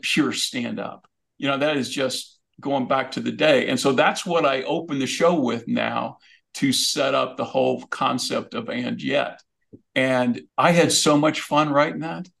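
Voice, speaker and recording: Guest comedian, man, gravelly voice, lively comic delivery. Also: mid-range voice, measured pace. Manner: comic, animated storytelling. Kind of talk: storytelling chat.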